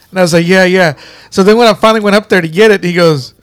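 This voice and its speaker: A man with a notably high speaking voice hosts a laid-back podcast. He tells loose, rambling stories and swears freely. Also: fairly quick, fairly bright tone. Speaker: podcast host. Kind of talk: casual chat.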